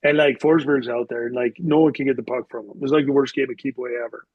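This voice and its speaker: A middle-aged man spins loose, profane stories as a podcast guest, peppering every sentence with "like". His voice sits at an ordinary pitch. The recording is close and dry, with a slightly muffled, dull tone. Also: fairly even intonation, quick pace, breathy edge, no room sound. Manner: rambling, profane, heavy use of "like". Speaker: podcast guest, former hockey player. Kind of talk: casual storytelling interview.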